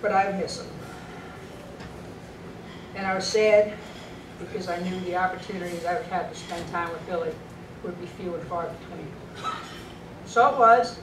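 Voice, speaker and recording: A middle-aged woman giving a memorial speech full of anecdotes about a late friend, often laughing as she tells them. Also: medium pitch. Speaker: speaker honoring a late friend; women's pool tour board member. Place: banquet hall at a dinner. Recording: echoey distant hall recording with background noise.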